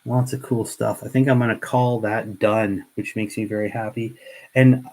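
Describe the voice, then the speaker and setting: A middle-aged man chats through a livestream as he paints miniatures, his voice sitting a little low. He rambles earnestly, often restarting his sentences, and talks straight to his viewers. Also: flat delivery, normal speed, a little mellow, rough recording. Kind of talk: casual livestream chat.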